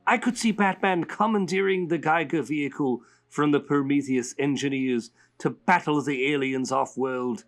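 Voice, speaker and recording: A man's voice: on the high side, normal speed, hardly any pauses, close to an everyday voice. Joker voice, as a man puts it on. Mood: playful. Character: man doing a Joker voice reading a fan letter. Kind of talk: reading a listener letter aloud.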